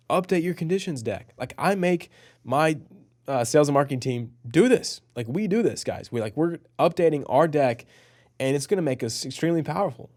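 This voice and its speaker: A man's voice: on the high side, a little mellow. A young man in his twenties teaching an online copywriting course in an earnest, motivational way, with many fillers. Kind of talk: casual teaching to camera.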